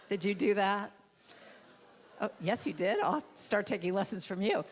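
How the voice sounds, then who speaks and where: A woman speaking at a church service, giving a playful inspirational talk and acting out quotes in high, comic voices. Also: lively intonation, normal speed. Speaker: guest speaker and musician. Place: church sanctuary. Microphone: handheld or headset mic with trouble.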